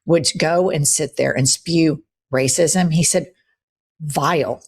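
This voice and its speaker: A woman's voice: low-pitched, a little slow, darkish tone. A woman hosting a political commentary show, talking bluntly, profanely and with heavy emphasis.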